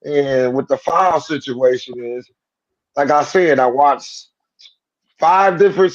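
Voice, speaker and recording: A man co-hosting a sports call-in show, talking in a loose, slangy, animated way and riffing on jokes. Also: a little high, highs cut off. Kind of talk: casual sports talk.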